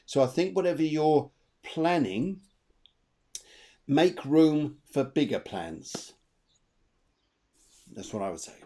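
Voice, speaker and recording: A man's voice: fairly high pitch, expressive, slow pace, pauses often, warm tone. A man co-hosting a live online show, giving a chatty, rambling tarot reading and repeating his phrases. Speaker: tarot reader and co-host.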